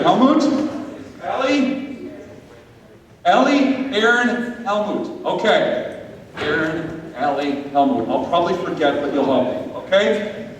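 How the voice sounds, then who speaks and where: A man preaching to a crowd, then running a silly skit with volunteers in an energetic, joking way. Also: high-pitched, slow, pauses often. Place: large hall with an audience. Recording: echoey hall from far off, noisy.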